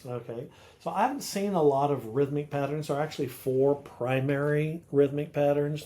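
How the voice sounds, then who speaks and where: A man's voice: on the high side, moderate pace, warm tone. An older man co-hosting a podcast, explaining poetic meter in a teacherly way and tapping out rhythms as he recites verse. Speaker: podcast co-host, literature scholar. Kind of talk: casual explanatory chat.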